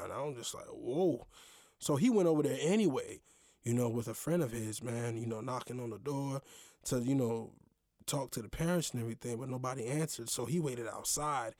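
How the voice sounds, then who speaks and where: A personal story comes from a young man on his own podcast, told loosely with plenty of slang, animation, and fillers. The clean studio recording is dry, and his pitch is medium.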